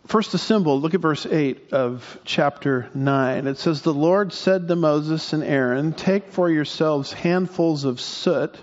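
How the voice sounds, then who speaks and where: A man's voice: fairly high pitch, a little slow, hardly any pauses. A man preaching a verse-by-verse sermon as pastor, folksy and joking with his congregation, sometimes stumbling over a word. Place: church sanctuary. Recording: dull sound with long hall reverb.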